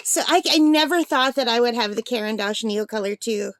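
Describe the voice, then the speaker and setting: A sixty-year-old woman unboxing a birthday gift on her vlog, gushing with breathless excitement. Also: on the high side, brisk, no echo. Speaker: art supply vlogger.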